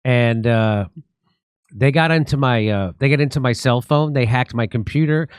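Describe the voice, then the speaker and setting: A man's voice: mid-range voice, moderate pace, clear, resonant tone, dry recording, clean studio sound. A middle-aged man from Chicago hosting a show, telling stories in casual political chat with blunt, profane language. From Chicago, United States. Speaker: show host.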